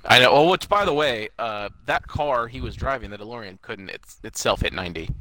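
A man's voice: medium pitch, animated, brisk, bright, forceful tone. A man co-hosting a casual movie review chat, chiming in with short quips and agreement. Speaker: podcast co-host.

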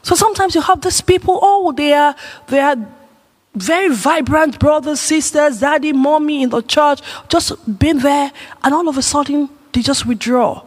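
A woman giving a conversational teaching talk at a church gathering, putting questions to her audience. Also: high-pitched. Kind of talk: teaching talk on emotional wellness. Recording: long reverb of a hall.

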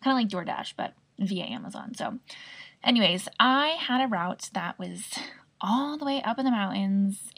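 A young woman tells a personal story on her own podcast, chatty and expressive, with casual swearing along the way. Her voice sits mid-pitch with a gravelly edge. It is slightly husky rather than clean. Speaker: podcast host.

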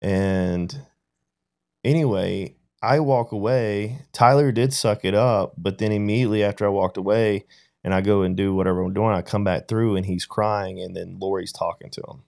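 A man's voice: fairly low pitch, steady tone, normal speed, gravelly, darkish tone. A man in casual podcast conversation, telling a reflective story and often checking in with "right?". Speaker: podcast guest or co-host.

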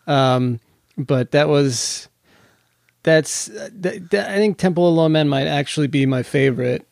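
A man's voice: a little high, a little slow, gravelly, a little mellow, no echo, clean studio sound. A man hosting a podcast, chatting casually and enthusiastically about bands and albums, with a rambling manner. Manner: enthusiastic, rambling music fan. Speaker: podcast host. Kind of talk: casual music chat.

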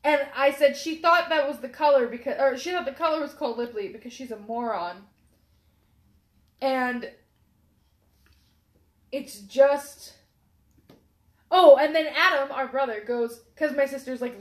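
High-voiced woman telling a profane story. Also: unhurried, long pauses, roomy sound. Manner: profane, animated, laughing storyteller. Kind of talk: casual chat, storytelling.

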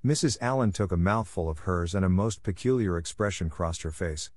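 A man narrating a classic storybook in a measured, steady reading. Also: low voice, no echo, clean studio sound. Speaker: audiobook narrator.

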